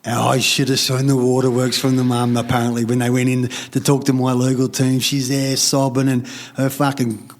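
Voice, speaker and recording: A middle-aged Sydney man on a podcast tells a candid, rambling story, fired up, swearing heavily and acting out other people's lines. Yet his medium-pitched voice stays completely flat in delivery, at a normal speed.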